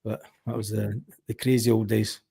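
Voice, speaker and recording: Husky Scottish man telling stories. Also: fairly low pitch, moderate pace. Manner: animated storyteller, swears freely. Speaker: podcast guest or panelist. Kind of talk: casual chat, anecdotes.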